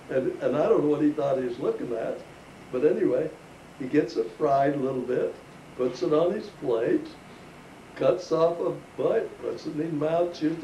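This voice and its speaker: His voice is fairly high, mellow and unhurried, with lively intonation, as this older man tells family members a chuckling, homespun tale from his life. It's captured in the living room on a distant mic, roomy and faintly hissy.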